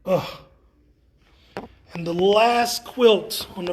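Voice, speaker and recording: An upbeat tour guide talks visitors through an indoor art gallery in a loose, chatty way, at a middling pitch. The delivery is full of playful exclamations. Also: unhurried, slight background noise. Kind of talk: casual guided walking tour.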